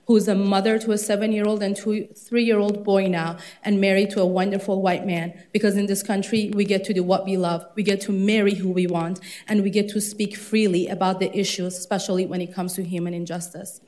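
A woman's voice: mid-range voice, flat delivery, fairly quick, hardly any pauses, darkish tone. A slightly breathless woman in her thirties from Iran speaks at a council meeting. Her delivery is earnest and impassioned, with a mid-range voice. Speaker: public commenter. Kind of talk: public comment at a council meeting.

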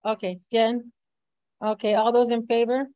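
A woman's voice: a little high, little pitch movement, moderate pace, dark tone, dry recording, poor audio. Hesitant woman chairing a board meeting. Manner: hesitant, casual, full of fillers.

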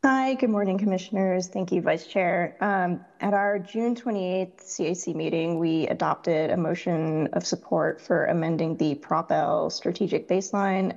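A woman joins the meeting remotely to present a committee report, brisk and businesslike. Her lowish voice has a gravelly fry, and the remote line sounds dull and lo-fi. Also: steady tone, darkish tone. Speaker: advisory committee vice chair giving a report. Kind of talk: formal report. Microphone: remote connection.

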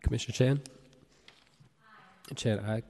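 A man working as a board clerk, calling the roll and reading meeting announcements in a brisk, procedural way. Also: medium pitch, creaky, darkish tone. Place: large legislative chamber. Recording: reverberant council chamber.

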